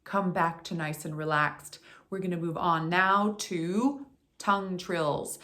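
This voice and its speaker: A woman voice coach guiding a speaking warm-up in an upbeat, encouraging way, talking straight to the listener. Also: on the low side, takes it slowly. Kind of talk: guided warm-up instruction.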